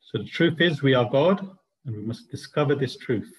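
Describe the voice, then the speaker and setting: A man's voice: mid-range voice, lively intonation, moderate pace, rough recording. A man teaching a spiritual study group, explaining ideas earnestly and asking the class rhetorical questions. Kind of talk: class discussion lecture.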